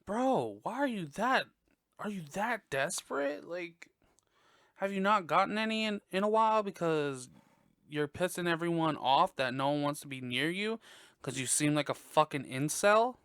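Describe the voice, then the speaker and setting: Chatty, foul-mouthed man, fairly high voice. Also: lively intonation, moderate pace, fairly bright tone, dry recording, clean studio sound. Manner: blunt, profane and gossipy, with sudden high exclamations. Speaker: podcast host. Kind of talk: casual movie review chat.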